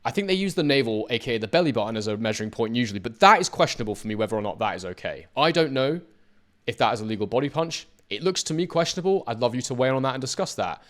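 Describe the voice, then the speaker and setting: A man's voice: medium pitch, big pitch swings, very fast, fairly bright tone. A man analysing boxing footage, speaking emphatically and addressing his viewers directly. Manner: emphatic, talks straight to viewers. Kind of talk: talking over fight footage.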